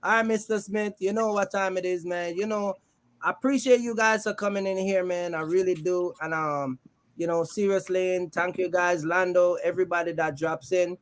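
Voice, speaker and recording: A man's voice: high-pitched, fairly even intonation, normal speed. A man hosting a casual livestream about a trucking business, joking with guests and reading the chat aloud in a loose, friendly way. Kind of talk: casual live-stream chat.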